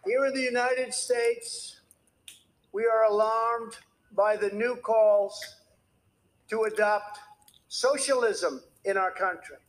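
Male politician, high voice, combative and dismissive with reporters. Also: fairly even intonation, slow pace, long pauses, slight background noise, poor audio. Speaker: president at a press conference. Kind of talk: speech and press conference remarks.

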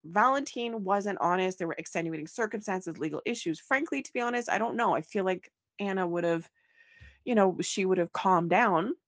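A woman hosting a casual podcast chat, lively and animated, leaping up and down in pitch as she acts out what she means. Her voice is a little husky and breathy, recorded close and dry with no room sound. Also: moderate pace, no echo. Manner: animated, often acts out lines with big swings in voice. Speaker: podcast host. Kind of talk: casual chat recapping a soap opera.

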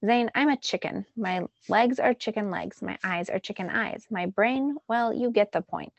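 A woman's voice: medium pitch, moderate pace, vocal fry, no room sound, lo-fi sound. A woman voicing a bossy, sarcastic female talking chicken in a storybook reading, snippy and impatient.

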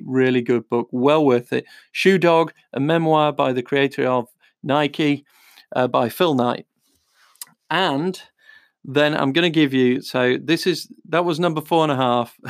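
Guy rambling about books he likes, bit of gravel in his voice, dry close sound. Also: mid-range voice, no room sound. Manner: chatty, rambling with fillers, reads blurbs aloud. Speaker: podcast host. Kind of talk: casual book-recommendation talk.

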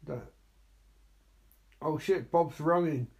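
A man talks over a horror movie as he watches, mocking its dialogue with exasperated sarcasm and frequent swearing. His voice sits a little high and is very lively, leaping up and down in pitch. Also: a little slow. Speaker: movie commentator. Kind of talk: live movie reaction commentary.

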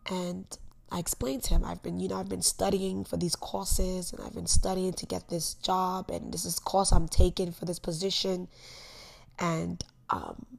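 A young woman hosting her own podcast, telling an emotional personal story in earnest, with sudden loud bursts and soft, hushed asides. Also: fairly low pitch, level tone, moderate pace, vocal fry. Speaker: podcast host. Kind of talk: personal motivational monologue.

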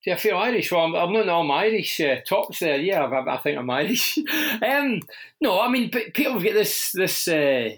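Glaswegian man, lively storyteller, fairly high. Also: moderate pace. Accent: Glaswegian Scottish. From Scotland. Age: middle-aged. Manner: candid, storytelling, frequent restarts. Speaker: interview guest, former footballer and radio presenter. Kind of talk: conversational interview.

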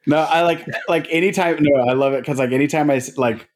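A man's voice: fairly high pitch, fast talker. Guy on a dad podcast, rambly, keeps saying like, laid back. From family ties to North Dakota. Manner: rambling, many "like" fillers, laughs easily. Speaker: podcast co-host. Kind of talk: casual chat.

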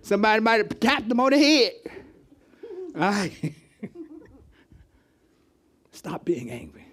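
A man with a high voice preaches to his congregation in a loose, conversational style. He asks questions of people in the room and often repeats words as he goes. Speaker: pastor. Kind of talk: interactive sermon teaching. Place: church hall with congregation.

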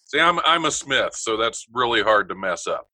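A man's voice: medium pitch, big pitch swings, normal speed, bright, forceful tone, poor audio. A man hosting a radio interview show, joking with his guest and laughing often.

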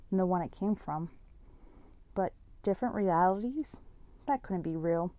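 A woman tells a first-person story in a steady, earnest way. Her voice is lowish and mellow, and the recording is close and dry with no room sound. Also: no echo.

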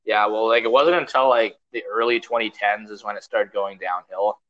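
A man's voice: lowish voice, steady tone, moderate pace, lo-fi sound. A young man hosting a podcast, rambling in casual chat, swearing often and packing his talk with fillers. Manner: rambling, profane, full of fillers. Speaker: podcast host.

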